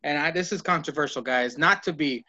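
Higher-voiced man on a lo-fi mic. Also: fairly quick, sharp tone. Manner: hesitant and offhand, with many ums. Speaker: podcast co-host. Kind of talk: casual wrestling recap chat. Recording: dull lo-fi mic.

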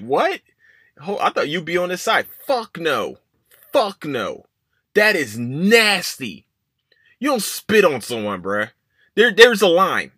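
Heated, lively man ranting. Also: on the high side, breathy edge, dry recording, clean studio sound. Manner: heated, profane, swings between loud outbursts and muttered asides. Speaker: podcast host. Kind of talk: casual opinion rant.

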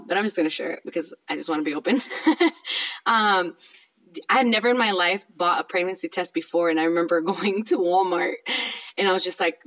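A woman's voice: fairly low pitch, fairly bright tone, low-quality recording. A woman in her thirties telling a personal story in a casual, chatty way, with lots of fillers. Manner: chatty, filler-heavy, self-conscious.

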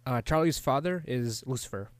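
Halting man in a casual chat. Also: medium pitch, no echo. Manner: halting, repeats words, laughs often. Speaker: podcast co-host.

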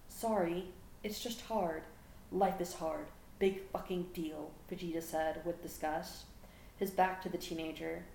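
A woman reading a fan fiction story aloud at a steady, even pace, recorded at home. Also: on the low side. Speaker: fan fiction audiobook reader. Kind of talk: story narration. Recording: echoey room with faint background hum.

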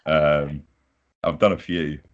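Young man, booming deep voice, relaxed modest guest, dull lo-fi audio. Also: takes it slowly. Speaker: podcast guest. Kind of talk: casual chat.

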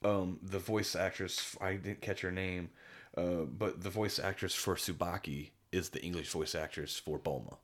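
Male podcast co-host, very low voice, rambling enthusiastic chat. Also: fairly even intonation, moderate pace, fairly bright tone. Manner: rambling, enthusiastic, many restarts and fillers. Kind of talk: casual chat.

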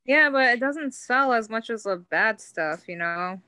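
A woman's voice: a little high, expressive, a little slow, bright, forceful tone, clean tone, no room sound. A young woman from New York with a New York accent, a podcast guest telling stories in casual chat, with many 'like' fillers. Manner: storytelling with heavy 'like' fillers.

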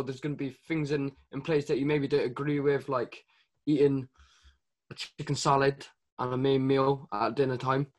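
Podcast cohost, earnest tough love talk, voice kinda high. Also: male voice. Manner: agreeable, earnest, wraps up with tough-love advice. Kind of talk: casual podcast chat.

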